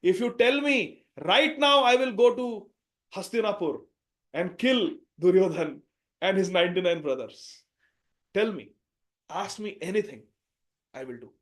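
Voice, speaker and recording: A man voicing an elder monkey god who declares his identity in slow, solemn lines. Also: sits high, big pitch swings. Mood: fervent. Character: mighty elder monkey god, calm and teasing.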